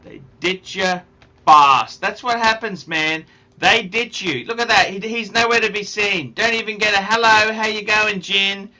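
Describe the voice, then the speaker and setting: A man's voice: high voice, normal speed, pushed and bright, dull audio. A man hosting a casual livestream, chatting and reading out viewer comments in a jokey way. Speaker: livestream host.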